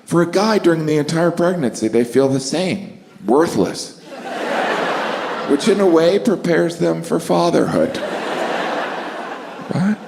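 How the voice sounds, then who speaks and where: A middle-aged man performing stand-up comedy, deadpan, bursting into shrieking exaggerations. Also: a little high, slow pace, gravelly, long pauses. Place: large live comedy venue with audience laughter. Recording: echoey hall, noisy audience room.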